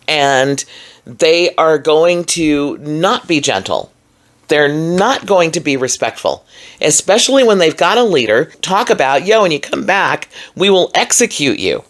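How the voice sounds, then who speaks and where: A woman recording a solo video commentary alone in a room, talking in a frustrated, emphatic and rambling way with many fillers. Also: low voice. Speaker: vlogger.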